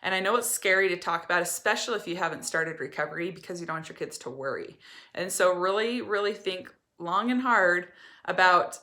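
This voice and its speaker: A woman's voice: fairly low pitch, fairly quick, sharp tone. A woman recovery coach giving candid, earnest personal advice to camera. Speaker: eating disorder recovery coach.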